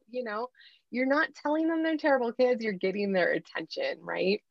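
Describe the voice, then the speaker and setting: A woman's voice: fairly high pitch, expressive, normal speed, creaky, no echo, lo-fi sound. A woman in her thirties, a life coach, telling her story candidly and with animation in a podcast interview.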